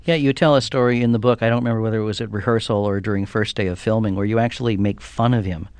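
A man with a somewhat low voice, working as a TV critic and interviewer. He asks his questions in a measured, polite way. The sound is dry and close to the mic. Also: steady tone, a little mellow, clear, resonant tone, no echo.

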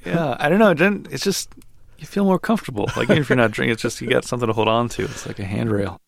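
A male author answering interview questions in a hesitant, self-deprecating way, with many pauses and fillers. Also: mid-range voice, creaky, no room sound. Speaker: author and guest.

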